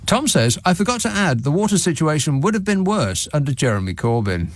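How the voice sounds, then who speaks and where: A man's voice: fairly high pitch, big pitch swings, brisk, no room sound. A man hosting a late-night talk radio show from a studio, delivering a sarcastic, mocking monologue and reading out listeners' messages.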